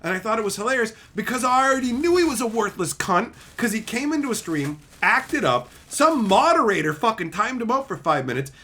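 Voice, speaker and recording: A man's voice: very high-pitched, bright, forceful tone. A man streaming live, ranting crudely and mockingly, laughing often. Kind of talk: profane rant.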